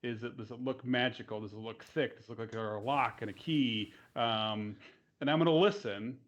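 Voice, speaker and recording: Player, man, mid-pitched voice, eager and curious, dull lo-fi mic. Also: normal speed. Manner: eager, asks many questions. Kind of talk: casual tabletop play.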